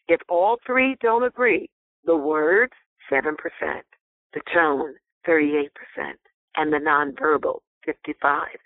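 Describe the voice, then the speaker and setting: A woman guest explaining body language in an interview, speaking in an animated, emphatic, teacherly way. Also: deep voice, dry recording. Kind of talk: interview on a phone call. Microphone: phone. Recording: tinny phone line, dry.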